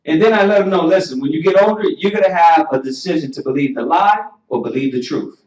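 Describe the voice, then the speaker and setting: Emphatic preaching man in an echoey room. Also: a little high. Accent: Southern US. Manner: preachy and emphatic, rising to near shouting, drawn-out repeated questions. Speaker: teacher. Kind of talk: sermon-style class teaching. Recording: muffled, roomy, from far off the mic.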